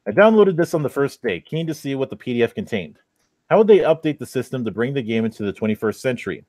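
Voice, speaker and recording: A man's voice: mid-range voice, sing-song, fast, darkish tone, dry recording. A man hosting a casual podcast, reading a review aloud and mocking it with crude sarcasm. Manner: sarcastic, profane, heckles as he reads.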